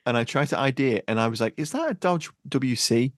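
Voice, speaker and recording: A man's voice: medium pitch, animated, fast, no echo, studio quality. A man co-hosting a podcast in casual chat, agreeable and fussy about vehicle details. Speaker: podcast co-host.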